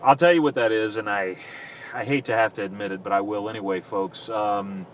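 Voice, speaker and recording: A man's voice: lowish voice, a little fast. A middle-aged man from southern Louisiana, a radio fill-in DJ, talking in a rambling, self-mocking way in a casual vlog while he drives. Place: inside a car. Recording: mic a bit distant, faint road noise.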